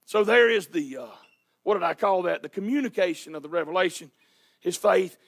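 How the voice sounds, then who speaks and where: A man's voice: high-pitched, expressive, fairly quick, gravelly. A man preaching a sermon as pastor in a church, emphatic and hollering. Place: church sanctuary.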